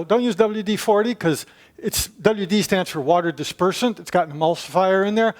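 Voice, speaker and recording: A man giving a hands-on repair demonstration in his home gym, chatting and talking to himself as he works. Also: sits high. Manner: chatty, talks to himself while working. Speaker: DIY video maker.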